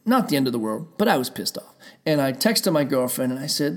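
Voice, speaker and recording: Man, mid-pitch gravelly voice; heated casual rant, profane, rambling. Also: sing-song, a little fast, hardly any pauses. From Pennsylvania.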